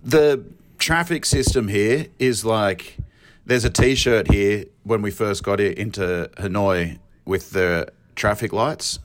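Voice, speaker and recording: A young man calling into a podcast, recorded on his phone, talking in an excited, rambling way and laughing often. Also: fairly low pitch, takes it slowly. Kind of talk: casual chat.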